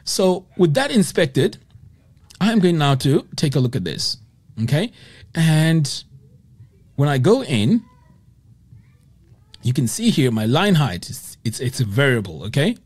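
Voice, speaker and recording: A man teaching web design as he walks through a screen-share software tutorial, explaining each step and checking in with "okay?" often. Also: fairly high pitch, sing-song, a little slow, long pauses, breathy edge.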